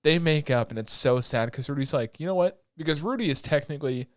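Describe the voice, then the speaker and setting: A young man co-hosting a podcast, recapping anime in a rambling, excitable way with lots of filler words and swearing. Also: fairly high pitch, quick pace, no room sound, clean studio sound. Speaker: podcast co-host. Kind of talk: casual chat recapping anime episodes.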